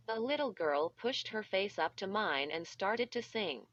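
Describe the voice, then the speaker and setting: A woman's voice: medium pitch, expressive, a little slow, few pauses. A synthetic-sounding woman reading a children's horror story aloud, reading the text literally and spelling out letters. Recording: dull lo-fi.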